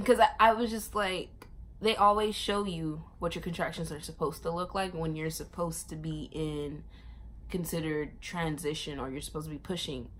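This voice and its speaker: A young woman vlogger telling a long personal story in a casual, animated way, acting out other people's lines in a raised voice. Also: low-pitched, moderate pace, a little hiss or hum. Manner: animated, acts out the nurses' and her own lines in raised voices, laughs often.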